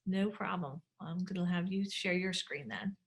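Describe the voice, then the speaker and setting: A woman's voice: lowish voice, fairly even intonation, moderate pace, creaky. A woman from the school staff coordinating a presentation on a video call, in a practical, helpful way. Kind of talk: meeting talk.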